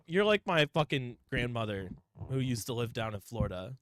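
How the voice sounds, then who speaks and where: A man's voice: mid-range voice, expressive, normal speed, a bit bright, dry recording, studio quality. A young man from the northern United States with a lingering cough, teasing and swearing as a podcast co-host. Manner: teasing, profane and mocking. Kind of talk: casual podcast chat.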